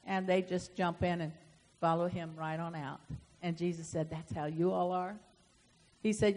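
A woman's voice: fairly low pitch, normal speed. Woman pastor preaching in a reverberant church. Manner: emphatic preaching with sudden loud swells and soft asides. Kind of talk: sermon. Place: church sanctuary. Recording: long hall reverb.

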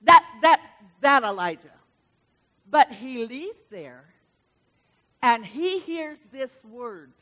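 A woman preaching a sermon with animated, emphatic storytelling. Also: high-pitched, slow pace, long pauses.

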